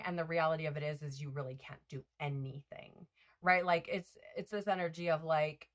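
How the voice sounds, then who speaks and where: Lady doing a tarot-style reading, lowish voice, rambly, keeps correcting herself. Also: steady tone, brisk. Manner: rambling, lots of fillers and self-corrections. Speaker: tarot reader. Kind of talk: casual spiritual card reading.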